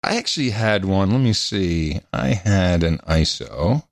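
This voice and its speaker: A man co-hosting a podcast in casual chat, playful and quick to laugh. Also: deep voice, lively intonation, background noise. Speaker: podcast co-host.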